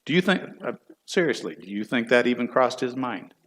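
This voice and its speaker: A man's voice: medium pitch, very animated, a little fast, fairly bright tone. A middle-aged man, a church elder, teaching a Bible class in a folksy, chatty way and putting questions to the class.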